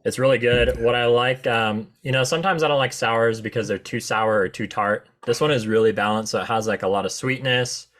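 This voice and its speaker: A man's voice: medium pitch, brisk, few pauses, fairly bright tone. A man hosting a casual chat, easygoing and enthusiastic as he describes things. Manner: easygoing, enthusiastic about flavors.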